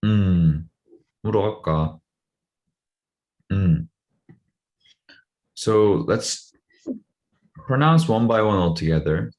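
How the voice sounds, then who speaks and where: A man with a fairly low voice leads an online group language lesson. He patiently says short phrases aloud and has the learners repeat them. The sound comes through a video call. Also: lively intonation, takes it slowly, long pauses, a little mellow, poor audio. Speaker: Korean language teacher.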